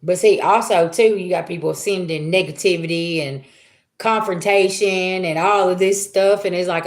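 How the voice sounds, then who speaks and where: A woman with a lowish voice and steady tone talks at a normal pace during a live-stream reading. Her spiritual monologue is casual and chatty, with emphatic delivery and rhetorical questions.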